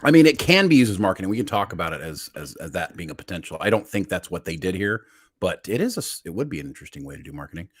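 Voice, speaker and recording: A man hosting a podcast in casual chat, animated and teasing as he steers the talk. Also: sits low, rapid-fire, breathy edge, dry recording, studio quality. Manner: animated and teasing, leading the show. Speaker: podcast host.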